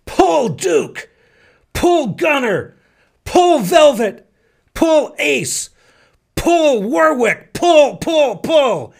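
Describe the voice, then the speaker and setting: A man's voice: mid-range voice, sing-song, normal speed, gravelly, husky, full character voice. A man voicing an old farmer with a laconic drawl in a story he tells on a podcast, hollering orders to a mule. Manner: hollers commands loudly.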